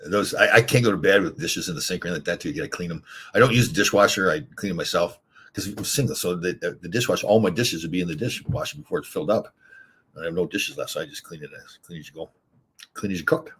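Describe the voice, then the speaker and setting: Husky, low-voiced older man rambling. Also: quick pace, fairly bright tone. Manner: chuckling, rambling, candid storyteller. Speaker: livestream host reading chat. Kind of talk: rambling casual livestream chat.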